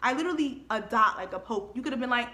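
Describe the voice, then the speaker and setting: A young adult woman telling a casual storytime in an animated way, laughing often and acting out the quotes. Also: fairly high pitch, fast. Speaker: vlogger. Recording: echoey room.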